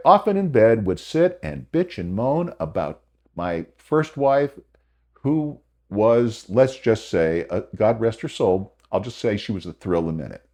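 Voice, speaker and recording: A man's voice: fairly low pitch, darkish tone. Older man, rambling and emphatic. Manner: rambling, emphatic, with emotional asides. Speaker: podcast host. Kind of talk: casual advice monologue.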